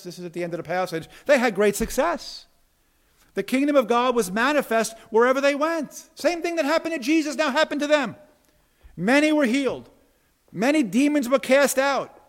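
A man preaching a sermon in an emphatic style, swinging between loud declarations and hushed asides, sometimes repeating words as he restarts. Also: high-pitched. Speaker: pastor.

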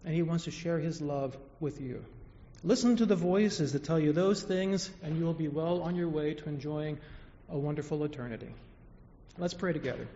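A man preaching a sermon, telling stories emphatically and letting phrases fall soft at the end, then leading a prayer. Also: fairly high pitch, moderate pace, slight background noise. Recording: echoey hall, dull lo-fi sound.

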